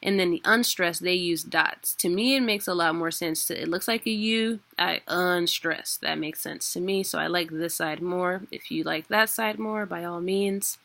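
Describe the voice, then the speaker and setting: Young woman, bright tone, lowish pitch; chatty self-deprecating teacher for an online lesson. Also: normal speed, creaky, few pauses.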